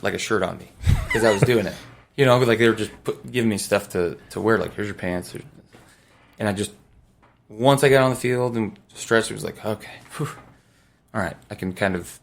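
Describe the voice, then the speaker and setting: Man, 30s, a bit low and gravelly, easygoing interview guest who rambles through anecdotes. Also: a little hiss or hum. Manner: laid-back, rambling with many fillers and restarts. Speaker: former pro baseball player, podcast guest. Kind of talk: casual storytelling interview.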